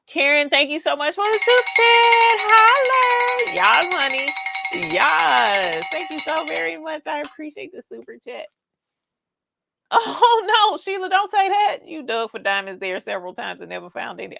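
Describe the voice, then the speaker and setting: A woman's voice: on the low side, gravelly, no room sound, clean studio sound. A woman hosting a casual livestream, reading the chat out and cheering for her viewers. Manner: bubbly, squeals and cheers at viewers.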